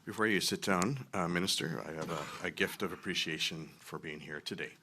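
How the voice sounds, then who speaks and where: A man's voice: deep voice, a little fast, background noise. A man acting as master of ceremonies, introducing speakers and rallying applause in an upbeat way.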